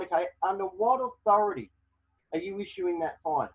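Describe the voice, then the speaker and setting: Dull, lo-fi webinar audio carries an Australian man's expressive, slightly rough voice, which sits high and moves at a moderate pace. Presenting the webinar, he explains legal advice to a caller emphatically, driving each point home with a check-in "okay?"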